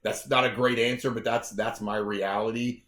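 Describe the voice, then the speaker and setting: A man's voice: medium pitch, fairly even intonation, normal speed, a bit bright. An American man co-hosting a casual podcast chat, enthusiastic and self-deprecating, laughing often. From United States. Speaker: podcast co-host.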